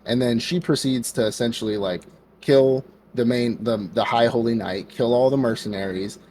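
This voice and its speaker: A podcast co-host recaps an anime episode in a rambling, casual way, acting out the characters' lines and saying "like" and "bro" a lot. His voice is medium-pitched and a little mellow, at a normal speed, with a slight hiss or hum in the background.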